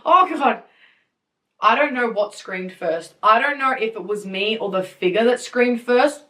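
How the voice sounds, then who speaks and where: A young woman hosting a podcast, telling a story in a casual, animated way, with lots of fillers, swearing and laughter. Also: fairly high pitch, far from the mic. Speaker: podcast host. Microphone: podcast mic.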